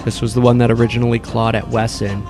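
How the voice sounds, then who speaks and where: Game master, male, gravelly and laid-back, mid-pitched, music bed behind. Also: little pitch movement, fast talker. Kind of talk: narrating a tabletop game.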